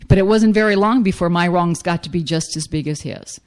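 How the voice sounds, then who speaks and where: A woman's voice: fairly low pitch, brisk, darkish tone. A middle-aged woman giving a frank, self-mocking personal recovery testimony as a speaker at a meeting.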